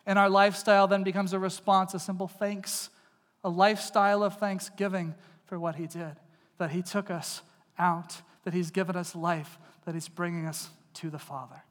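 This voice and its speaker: A male pastor preaching a sermon in earnest, moving between loud emphasis and hushed, intimate delivery. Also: high-pitched, little pitch movement, normal speed. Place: church sanctuary. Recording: long reverb of a large hall.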